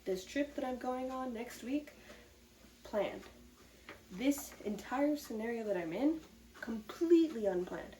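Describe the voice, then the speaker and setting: Talking openly to her camera, this female vlogger stays chatty and upbeat about a difficult period. Her pitch is fairly high with lively intonation, her delivery a little slow and mellow. The echoey room is miked from a distance, leaving faint ambience and slight background noise.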